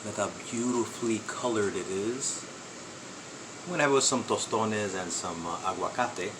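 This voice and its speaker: A man with a low voice hosts his home cooking vlog, chatty and enthusiastic. He is recorded on the camera mic in his kitchen, with a steady air-conditioner hum behind him. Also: a little fast. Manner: chatty, enthusiastic, talks while eating. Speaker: cooking channel host.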